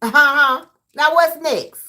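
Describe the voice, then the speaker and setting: A woman hosting a livestream, reading viewer comments aloud and trash-talking back with loud laughter. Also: high voice, slow pace. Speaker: livestream host reading chat. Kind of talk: casual livestream chat.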